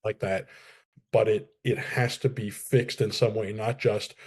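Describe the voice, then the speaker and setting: Measured man. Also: fairly low pitch, fairly even intonation, husky. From New Jersey, USA. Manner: measured, explains step by step with small restarts. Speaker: copyright expert guest. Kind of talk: explanatory podcast interview.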